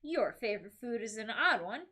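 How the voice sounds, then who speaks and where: Woman voicing a quirky food guru teacher, teasing, bright tone, lively pitch, storybook. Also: normal speed, full character voice. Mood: playful.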